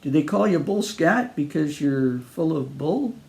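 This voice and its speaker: A man's voice: fairly high pitch, lively intonation, measured pace, vocal fry, a little mellow. A man voicing a downhearted, lost traveller who answers in a gloomy, polite way.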